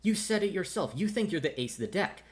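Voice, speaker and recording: Gruff veteran ranger mentor lecturing a hothead, lively ups and downs, a man voices him. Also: high voice, quick pace, pitched above the performer's own voice. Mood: stern. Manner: blunt, lecturing, swears. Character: stern veteran male ranger mentor, a father. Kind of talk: in-character tabletop role-play.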